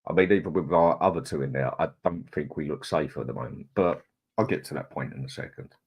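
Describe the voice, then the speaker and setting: Man, middle-aged, low voice, easygoing livestream host chatting from home. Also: fast, slightly rough, highs cut off. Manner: chatty, greets viewers, drowsy and laid-back. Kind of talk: casual live chat.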